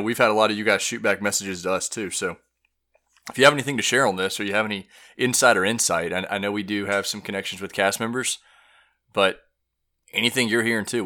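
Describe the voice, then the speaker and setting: Low, bright-voiced man feeling unwell. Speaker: podcast co-host. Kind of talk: casual podcast chat.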